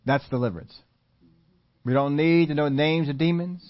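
A man preaching a sermon in a conversational storytelling way, laughing between points and rising into loud emphatic quotes. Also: fairly high pitch, normal speed, dull audio. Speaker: pastor.

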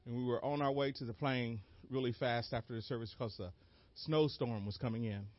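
A man preaching a sermon as an animated story, acting out moments with sudden shouted cries and laughing along. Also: medium pitch, fairly quick, dry recording. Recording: dull lo-fi dry recording.

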